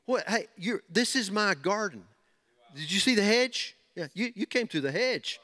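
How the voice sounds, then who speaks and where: A man's voice: high-pitched, expressive, normal speed, voice pushed up. A man preaching, acting out a young husband angrily confronting an intruder in his garden. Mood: indignant. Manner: forceful, raised challenging questions.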